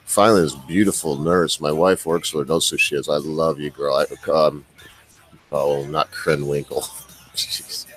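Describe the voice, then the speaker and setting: Low-voiced rambling man telling a story. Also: steady tone, unhurried, a bit bright, a little hiss or hum, rough recording. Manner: rambling, self-deprecating, laughs often. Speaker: vlogger. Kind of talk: casual storytelling to viewers.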